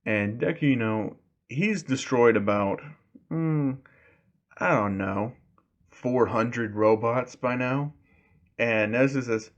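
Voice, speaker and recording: A man's voice: medium pitch, slow pace, long pauses. A man casually retelling a fan story, rambling with lots of fillers.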